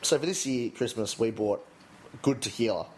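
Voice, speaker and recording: A man, chatting casually as a podcast co-host and teasing his friends with quick stories. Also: on the low side, rough recording. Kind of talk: casual chat.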